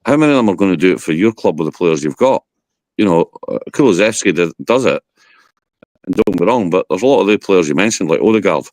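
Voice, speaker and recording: A man's voice: low-pitched, lively intonation, fast talker, a little mellow, no echo. A man, a guest on a football podcast, giving blunt, rambling opinions in casual chat.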